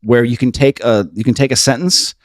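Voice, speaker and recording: A man's voice: mid-range voice, fairly even intonation, fairly quick, no room sound, clean studio sound. A man co-hosting a music podcast, chatting casually about songwriting in a rambling way, full of fillers and restarts. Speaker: podcast co-host.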